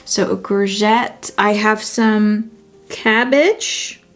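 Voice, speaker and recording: A woman's voice: mid-range voice, very slow, music in the background. A woman with a Dutch accent, a native Dutch speaker, chatting casually as she sets up her journal, thinking aloud and correcting herself as she goes. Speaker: vlogger. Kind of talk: casual chat while journaling.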